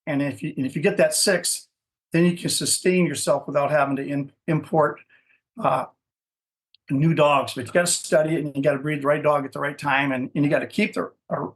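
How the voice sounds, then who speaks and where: A man's voice: fairly high pitch, steady tone, fairly quick. A middle-aged man, a dog breeder, telling his story as a podcast guest in a rambling way, often restarting sentences and adding "you know". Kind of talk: casual interview storytelling.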